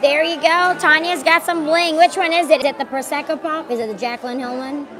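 A woman's voice: high voice, fairly even intonation, brisk. A woman hosting a casual live stream, chatty and effusive, often saying "like" and "girl". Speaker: livestream host. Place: busy outdoor waterfront venue. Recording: music and crowd noise behind.

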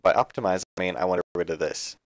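Low-voiced man thinking aloud while gaming. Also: racing, no room sound, clean studio sound. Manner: thinking aloud, chatty and self-correcting. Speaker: streamer. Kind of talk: live gameplay commentary.

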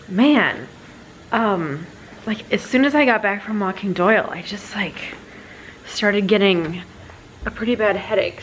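A woman's voice: medium pitch, fairly bright tone, a little hiss or hum. A woman vlogging casually at home into a handheld camera, talking in a chatty way full of fillers and speaking fondly to her dog. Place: at home, indoors.

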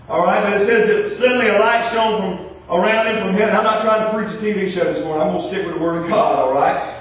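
A pastor preaches with a very high, ringing voice, and his words climb to fervent, repeated hallelujahs. He sounds far from the mic, with heavy echo filling a large church hall. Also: fast. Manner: rising fervor, repeated hallelujahs. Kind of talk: sermon. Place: church sanctuary.

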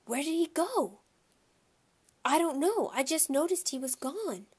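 A woman's voice: high voice, very animated, a little slow, darkish tone, pitched above the performer's own voice. A woman reading as an anxious young boy. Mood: worried. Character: anxious nine-year-old boy, big brother.

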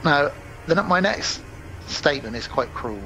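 A man co-hosting a podcast, casually retelling a film's plot with animated asides and quick acted-out quotes. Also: on the high side, over music, poor audio. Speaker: podcast co-host. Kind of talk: casual chat.

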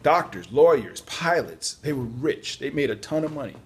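A man's voice: medium pitch, very animated, normal speed, breathy edge. A tired man giving casual, chatty job-search advice, yawning at times and adding apologetic asides. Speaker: podcast host on job search. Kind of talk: casual spoken advice talk.

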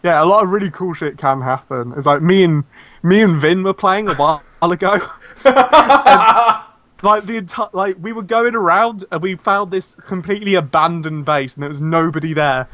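A man, a podcast guest, telling gaming stories in an animated way in casual chat, often laughing. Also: high-pitched, normal speed, no echo.

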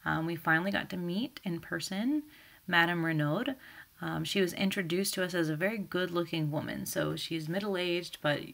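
A woman with a low, gravelly voice reads a chapter aloud in even narration. She then breaks off to explain it in a relaxed, teacherly way. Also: normal speed. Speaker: reader and teacher.

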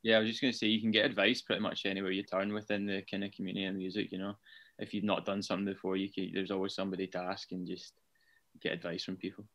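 A man speaking in a rushed, agreeable way in a casual panel chat. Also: low-pitched, little pitch movement, a bit bright.

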